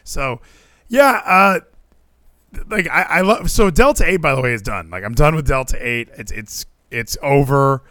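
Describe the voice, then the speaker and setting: A podcast host with a mid-range voice talks at a normal speed in a dry recording. His chat is casual, animated, and jokey, wandering from topic to topic.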